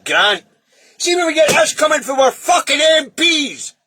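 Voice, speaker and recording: A man's voice: extremely high pitch, big pitch swings, measured pace, noisy background. A middle-aged Scottish man ranting in a sweary, blunt and heated political monologue. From Scotland. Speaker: political video commentator.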